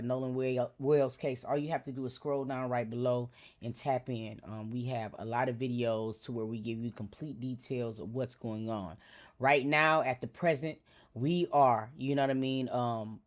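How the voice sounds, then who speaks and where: Brief: male streamer, slangy, profane, animated case commentary. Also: mid-range voice. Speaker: livestream host. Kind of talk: casual commentary on a news case.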